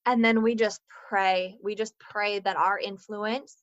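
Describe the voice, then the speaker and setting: A woman's voice: mid-range voice, steady tone, measured pace, hardly any pauses, no echo, muffled recording. A woman in her thirties speaking candidly to listeners about co-parenting, earnest and full of "like" fillers, swearing freely. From Minnesota, US.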